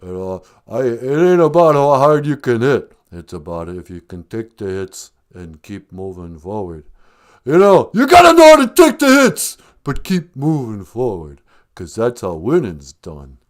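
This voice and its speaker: A man impersonating a laid-back, mumbling tough-guy boxer movie star, with a low, slurred drawl. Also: animated, measured pace, a little mellow. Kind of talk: comedic impression.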